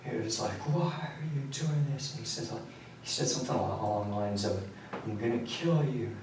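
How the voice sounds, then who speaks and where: In a police interrogation room, a late-teen suspect with a somewhat low voice quietly recounts events in a halting, rambling way, sounding worn out. The mic is far from him in a bare, heavily echoing room, and a faint hiss runs beneath his voice.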